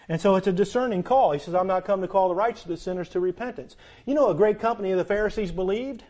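A male pastor preaching a sermon to his congregation, with emphatic peaks and quiet pleading stretches, full of rhetorical questions and repeated phrases. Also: high-pitched.

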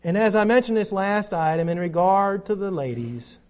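Man, preacher, sermon, high-pitched voice, emphatic, swings between loud and soft. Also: moderate pace. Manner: emphatic preaching with rising and falling loudness.

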